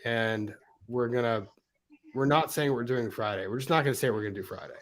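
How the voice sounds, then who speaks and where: A man hosting a casual live stream with other lawyers, relaxed and joking, swearing now and then. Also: mid-range voice, fairly quick.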